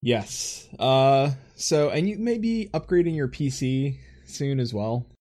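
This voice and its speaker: A man's voice: medium pitch, animated, takes it slowly, a little mellow. A young man hosting a podcast in casual chat, joking and laughing often. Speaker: podcast host.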